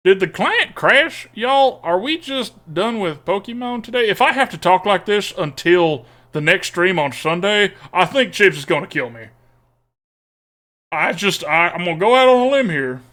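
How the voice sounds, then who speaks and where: A man's voice: sits high, animated, moderate pace, sharp tone. A man streaming a card game, chatting and joking with viewers in a put-on, exaggerated Texas drawl. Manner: folksy, joking, chats with viewers. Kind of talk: casual live-stream commentary.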